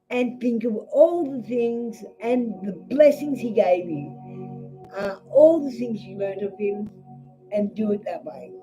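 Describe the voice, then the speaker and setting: Swearing without restraint, a tarot reader with an Australian accent delivers a frank card reading live on stream. She has a warm, fairly high voice, heard through dull, lo-fi stream audio.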